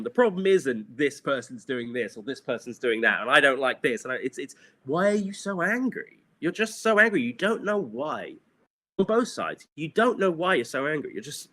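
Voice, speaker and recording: A man's voice: medium pitch, big pitch swings, fairly quick, bright, forceful tone. Candid, rambling middle-aged man. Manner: candid, rambling, laughs often, many fillers. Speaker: animator guest. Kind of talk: casual interview chat.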